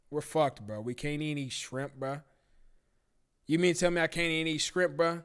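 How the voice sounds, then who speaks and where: A man's voice: on the high side, animated, moderate pace, smooth. A man hosting a live-stream talk show, ranting casually with profanity and disbelief. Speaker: livestream talk show host.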